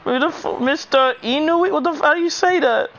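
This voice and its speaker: A man's voice: very high-pitched, a little fast, a bit bright. A man streaming a game and chatting with friends, teasing them crudely and laughing often. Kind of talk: casual chat with friends while gaming.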